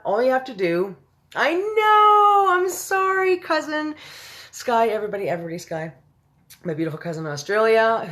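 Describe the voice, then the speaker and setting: A woman hosting a live-streamed story reading, chatting affectionately with viewers and calling them babe and honey. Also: on the low side.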